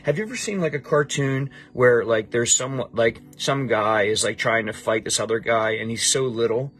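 A man's voice: medium pitch, moderate pace, a bit bright, faint music behind. A middle-aged man teaching a Bible passage to a student, emphatic and repeating his points.

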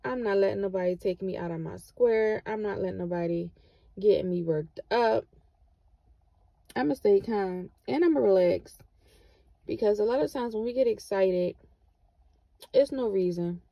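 A woman's voice: medium pitch, dry recording, lo-fi sound. A middle-aged woman, giving repetitive, encouraging motivational vlog talk with Christian references. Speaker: vlogger.

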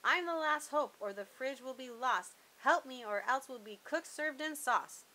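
A jittery little inspector who frets over every clue, as a woman reads him aloud. The voice sits high and bright. It keeps rising into eager worry. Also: animated, moderate pace. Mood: fretful. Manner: anxious, overexcited. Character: fretful bumbling male food inspector.

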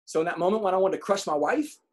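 A man giving a motivational talk to an audience, telling comic stories and acting out quotes in an animated way. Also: high voice, fast talker. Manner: animated storyteller, acts out quotes. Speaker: speaker.

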